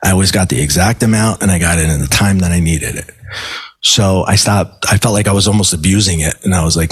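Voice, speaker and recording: A man's voice: sits low, fast, husky, dry recording. A middle-aged man, a life coach and podcast guest, telling a personal story emphatically and acting out his own quoted words. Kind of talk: storytelling in a casual interview.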